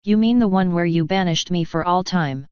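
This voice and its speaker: A woman's voice: fairly low pitch, moderate pace, clear, resonant tone, no echo, dull audio, close to an everyday voice. A woman voicing a wry, sarcastic male hero in a fan fiction audiobook. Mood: guarded. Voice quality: sarcastic, exasperated.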